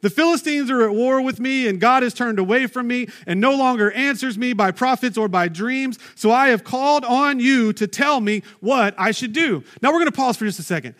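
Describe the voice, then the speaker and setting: A man's voice: extremely high pitch, brisk, hardly any pauses, a bit bright. A man preaching a sermon, reading scripture and breaking off into chatty asides and rhetorical questions.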